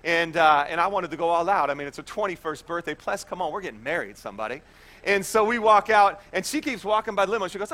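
A man in his thirties preaching a sermon, telling a personal story in a chatty, animated way with many restarts. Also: sits high, fast talker. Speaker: pastor.

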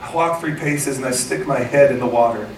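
A man preaching a sermon to a congregation, telling a lively story, acting out what people said, and laughing along the way. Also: medium pitch, fairly quick, recorded from a distance, slight background noise. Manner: storytelling, lively, acts out quotes, laughs often. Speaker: pastor. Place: large church hall with congregation. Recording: echoey hall, recorded from afar, congregation audible.

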